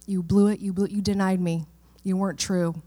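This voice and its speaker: A woman's voice: medium pitch, flat delivery, fairly quick, warm tone, long reverb tail, lightly acted. A woman pastor voicing a firm, loving male teacher in a sermon, speaking directly and plainly.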